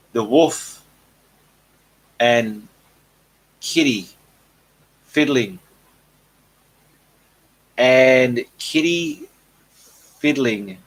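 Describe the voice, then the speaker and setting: Male host, husky voice, easygoing live Q&A chatter. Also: medium pitch, rough recording. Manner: relaxed, chatty, reads comments aloud with frequent ums. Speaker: painting channel host. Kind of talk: casual live Q&A reading viewer comments.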